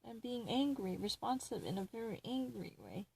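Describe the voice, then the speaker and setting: A woman's voice: fairly high pitch, sing-song, normal speed, vocal fry, warm tone, slightly rough, poor audio. A woman reading dictionary definitions aloud and arguing over them with herself, grumbling and indignant.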